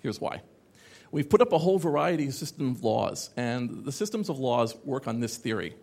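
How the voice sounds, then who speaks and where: Male conference speaker, sardonic and rambling, lively pitch, long hall reverb. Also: moderate pace, vocal fry. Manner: animated, sarcastic, rambling with asides. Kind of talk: live talk to an audience. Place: large hall with audience.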